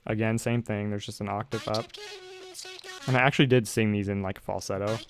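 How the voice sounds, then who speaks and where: A man's voice: on the low side, steady tone, fairly quick, faint music behind. A young man casually walking through how he made his song, in a laid-back tone full of "like". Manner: laid-back, filler-heavy, uses "like" often. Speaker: music producer explaining his song. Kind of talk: casual tutorial voice-over. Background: his song playing underneath.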